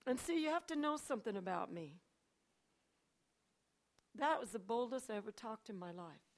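Older woman, church testimony, fairly high voice, animated storytelling, hushed to loud. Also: moderate pace. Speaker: church speaker. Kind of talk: personal testimony.

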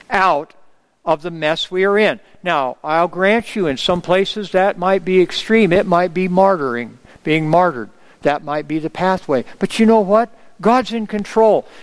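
A male preacher with a high, smooth and resonant voice delivers an earnest sermon. He sounds middle-aged and keeps checking in with the congregation for an amen. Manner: earnest, asks the congregation for amens.

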